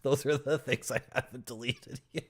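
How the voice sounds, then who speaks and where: A man's voice: mid-range voice, fairly even intonation, moderate pace, slightly rough. A man from Toronto, chatting and joking with his chat while playing a game, laughing often. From Toronto, Canada. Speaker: streamer. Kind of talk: casual gameplay commentary.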